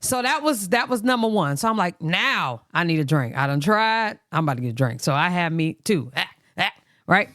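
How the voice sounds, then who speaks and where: Animated man telling a story. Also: normal speed, no echo, clean studio sound. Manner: animated, acts out quoted voices in high pitch. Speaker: host. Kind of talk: casual storytelling chat.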